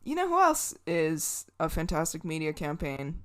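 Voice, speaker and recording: Sarcastic woman podcast co-host, lowish voice. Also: very animated, normal speed. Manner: sarcastic, swears casually. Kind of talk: casual podcast chat.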